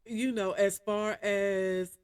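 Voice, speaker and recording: A woman with a mid-range voice reads a news article on camera slowly, with fairly even intonation and a clean tone in a clean studio recording with no room sound. She often breaks away to talk to viewers, calling them y'all, in casual reaction commentary.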